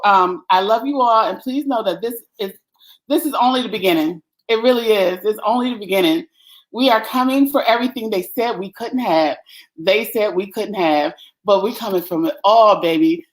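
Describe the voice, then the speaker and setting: On a low-quality recording, a woman with a medium-pitched voice hosts a livestream summit. She delivers the closing remarks effusively and gratefully, laughing often.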